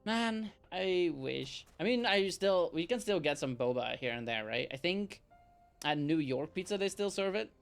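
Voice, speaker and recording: A young man streaming a video game, excitably yelling at enemies and chatting between fights. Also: sits high, moderate pace, creaky, clear, resonant tone, soft background music. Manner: excitable, yells playfully at enemies. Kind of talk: live gameplay commentary.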